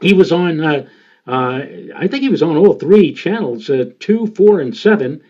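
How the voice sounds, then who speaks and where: A man in his sixties from the New York area tells weather stories in a presentation. His voice sits a little high, and he rambles along with frequent filler sounds. The recording is dull and lo-fi. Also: animated, moderate pace, dark tone. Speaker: meteorologist giving a presentation. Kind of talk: storytelling presentation.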